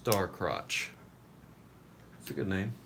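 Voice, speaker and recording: A man's voice: on the low side, fairly even intonation, moderate pace, background noise. A man streaming himself drawing comics live, chatting casually with viewers and muttering self-mocking asides as he works. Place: seated at a drawing desk.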